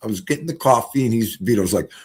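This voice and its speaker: A man's voice: lowish voice, lively intonation, quick pace, darkish tone, husky. A man, live-streaming and chatting casually in a rambling, folksy storytelling way.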